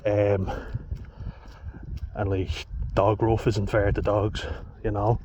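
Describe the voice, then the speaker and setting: A man from Ireland with a lowish voice takes his time, vlogging in an unhurried, rambling monologue. He swears a lot and keeps going off on chatty tangents. The sound quality is dull and lo-fi, with persistent noise.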